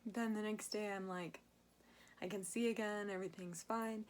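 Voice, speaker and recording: A woman's voice: medium pitch, fairly even intonation, moderate pace. A young woman vlogger telling a personal story in a casual, rambling way, full of fillers and asides.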